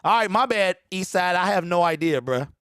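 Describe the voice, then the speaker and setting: A man in his forties hosts a casual fan show. His voice sits high for a man and swings widely in pitch as he riffs on viewer comments and laughs. The sound is close and dry, with almost no room around it. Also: moderate pace, smooth, no room sound. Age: 40s. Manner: animated, laughs often, talks straight to the audience. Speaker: sports fan show host. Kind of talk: casual live-stream chat reading viewer comments.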